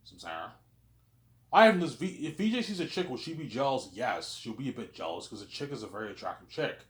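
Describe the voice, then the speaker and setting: A man's voice: medium pitch, sing-song, brisk, a bit bright, reverberant. A man, talking in a rambling casual monologue and often repeating himself. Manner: rambling, repeats himself, keeps saying "obviously". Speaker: vlogger.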